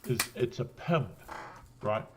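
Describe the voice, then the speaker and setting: A man's voice: mid-range voice, slow pace, darkish tone, slight background noise. Rambling, laughing New Zealand man. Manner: rambling, laughs often, swears freely. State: had a drink. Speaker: guest on a livestream. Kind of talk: casual chat.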